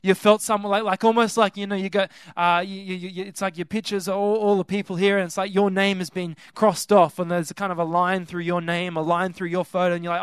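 A young male preacher with a high, clear, resonant voice speaks to a youth conference. He is lively and keeps stumbling into restarts and fillers. The sound is dry, with little room echo. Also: fast talker, hardly any pauses. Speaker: guest preacher. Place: conference hall with live audience.

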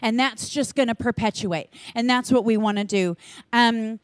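A woman giving a conference talk to church leaders in an energetic, earnest, chatty manner with quick asides. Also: fairly high pitch, dry recording. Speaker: church children's ministry leader speaking to leaders.

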